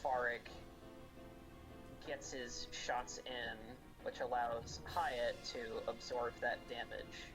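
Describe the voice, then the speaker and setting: A man's voice: mid-range voice, little pitch movement, poor audio. A man running a tabletop game as game master, narrating scenes and calling rolls with frequent ums and restarts. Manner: unhurried, full of ums and restarts. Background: faint background music.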